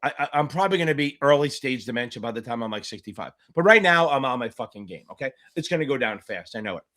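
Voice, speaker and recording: A man's voice: mid-range voice, animated, quick pace, fairly bright tone. A middle-aged man tutoring exam candidates in a live-streamed Q&A, blunt, profane and provocative, wandering into side stories. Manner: rambling digressions.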